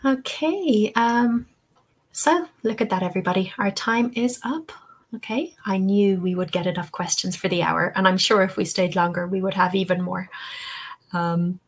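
A woman's voice: mid-range voice, moderate pace. A woman hosting a live webinar Q&A and training English teachers. She talks in an encouraging, chatty way and often says "okay" and "you know".

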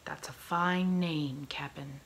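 A woman's voice: low-pitched, steady tone, slow pace, creaky, slight background noise, full character voice, rough recording. A woman whispering an eager, dim-witted male pirate mate in a whispered role-play.

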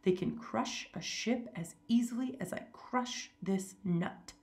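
A woman reading a story aloud, voicing a suave, cruel older male aristocrat with a smooth, amused, condescending manner. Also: mid-range voice, slow, a little mellow, echoey room, voice pushed up.

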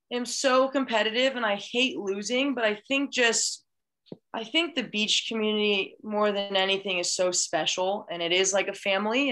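A woman's voice: medium pitch, a bit bright. A young woman, a college beach volleyball player, chatting as a podcast guest in a gushing, enthusiastic way with many restarts. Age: young adult. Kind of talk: casual chat.

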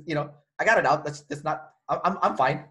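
Brisk and fairly high-pitched, a male interview guest tells a personal story in relaxed conversation, animatedly voicing the other people's lines and often restarting.

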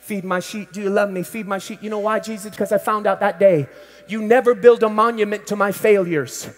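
A man's voice: extremely high pitch, moderate pace, pushed and bright, exaggerated voice. A man preaching as the apostle Peter, a devoted fisherman praying aloud in heartfelt first person, in a church hall with long reverb. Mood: remorseful. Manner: heartfelt first-person prayer, intense and pleading. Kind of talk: dramatized sermon monologue.

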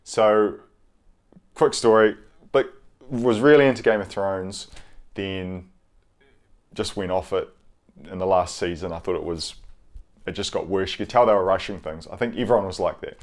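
A young man giving a casual, rambling review, hesitant and low-key, with frequent pauses and restarts. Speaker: video reviewer.

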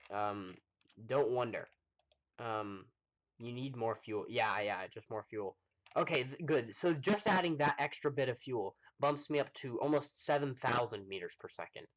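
A man's voice: fairly low pitch, a bit bright. A man casually commenting on his gameplay during a live stream, thinking aloud with many ums and answering chat. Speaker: gaming livestreamer.

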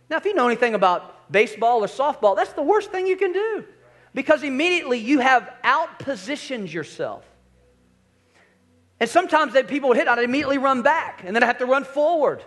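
Man, pastor preaching, high voice, punchy emphasis then hushed lines, church. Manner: energetic, swings from loud emphasis to quiet low asides. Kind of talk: sermon. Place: church sanctuary.

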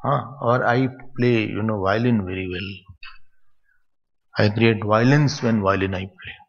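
An older man with an Indian English accent gives a scripture discourse, teaching in a loose, conversational way. His voice is gravelly and husky. The sound is dull and lo-fi, with a long hall echo around it. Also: lowish voice, measured pace. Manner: conversational, digressive teaching, mixing in Hindi phrases. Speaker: spiritual teacher. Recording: dull, echoey hall recording.

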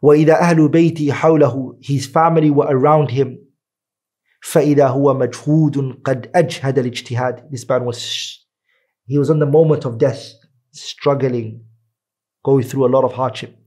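An earnest male preacher with a mid-pitched voice delivers a sermon as a story. He recites Arabic quickly, then translates into English more slowly. At solemn points his voice drops low and quiet. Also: steady tone. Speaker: Islamic teacher.

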